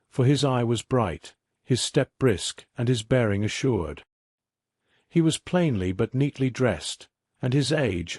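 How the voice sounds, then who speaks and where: Calm male sleep-story narrator. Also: mid-range voice, breathy edge, dry recording, studio quality. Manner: calm, measured.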